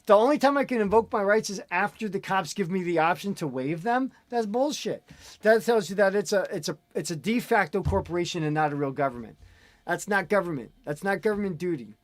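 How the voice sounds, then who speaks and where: Ranting man with a higher voice. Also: fast talker, no room sound. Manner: animated, ranting storyteller. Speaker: host. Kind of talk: casual chat.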